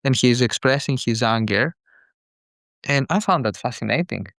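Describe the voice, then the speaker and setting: A man calling in as a father, speaking earnestly and haltingly in a call-in conversation. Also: medium pitch, lively intonation, gravelly, fairly bright tone, no echo, clean studio sound. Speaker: caller, father.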